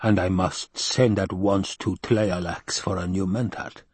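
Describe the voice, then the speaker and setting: A man reading an audiobook and voicing a scheming, gluttonous baron, speaking slowly and coldly. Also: steady tone, darkish tone, husky, no room sound. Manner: slow, low, cold and calculating. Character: scheming, gluttonous male baron, cold and wary.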